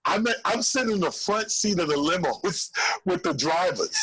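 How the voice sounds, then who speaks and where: A man, a comedian telling an animated story on a call-in show, acting out voices. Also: high voice, normal speed, slightly rough, dry recording, poor audio. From Brooklyn, New York. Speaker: comedian guest.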